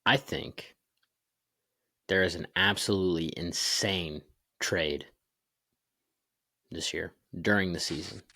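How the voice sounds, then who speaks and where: Low-voiced young man, rambling sports chat. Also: slow, pauses often, bright, forceful tone, no echo, clean studio sound. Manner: rambling, lots of fillers and restarts. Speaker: podcast co-host. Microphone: video call.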